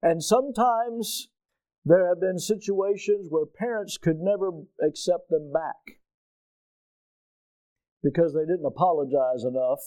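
A man's voice: on the high side, measured pace, pauses often, warm tone, no echo, rough recording. Older man preaching an emphatic sermon. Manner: preaching, rising to emphatic peaks and asking the congregation questions. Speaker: pastor.

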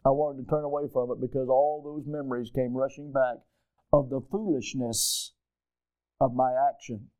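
A man preaching a sermon, reading scripture and telling a lively childhood story, acting out the voices of people in it. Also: mid-range voice, moderate pace, no echo, lo-fi sound. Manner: storytelling, animated, acts out quoted voices. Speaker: pastor.

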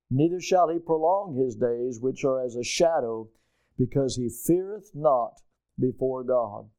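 A man preaching a sermon, reading scripture and telling a lively childhood story, acting out the voices of people in it. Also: mid-range voice, a little slow, smooth, no echo, poor audio. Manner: storytelling, animated, acts out quoted voices. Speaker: pastor.

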